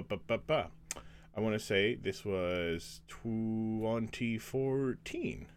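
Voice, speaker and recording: A man hosting a podcast in casual chat, rambling with frequent restarts and fillers. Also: medium pitch. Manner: halting, with many restarts and fillers. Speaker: podcast host.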